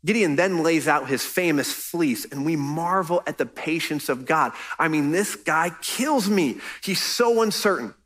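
A man's voice: on the high side, animated, measured pace, hardly any pauses, fairly bright tone. A man preaching a sermon as pastor, earnest and conversational, pressing his points with emphasis.

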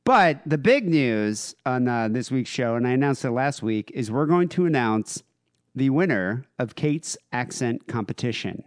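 Lively-voiced swearing American podcast host. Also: male voice, medium pitch, measured pace. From United States. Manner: swears freely, laid-back and joking. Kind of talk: casual profane podcast chat.

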